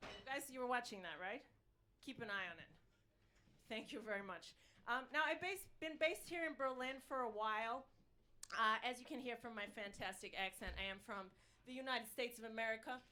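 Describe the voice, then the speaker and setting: A brash, self-satisfied male talk show host, played by a woman with a put-on New York accent works a live crowd. The voice is bright and a touch high, dropping boastful deadpan jokes. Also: normal speed, slight background noise. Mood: cocky. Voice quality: boastful, deadpan one-liners. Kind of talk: stand-up character comedy. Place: live stage before an audience.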